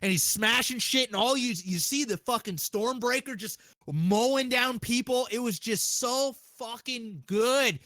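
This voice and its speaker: High-voiced excitable man. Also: measured pace, few pauses, no echo. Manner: excitable, profane, many restarts. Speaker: podcast host. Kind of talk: casual podcast chat.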